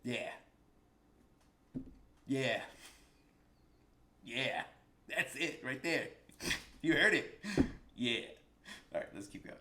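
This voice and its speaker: A man's voice: medium pitch, animated, very slow, long pauses, echoey room. A man teaching a casual music lesson, enthusiastic and searching for words with frequent restarts. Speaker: saxophone teacher.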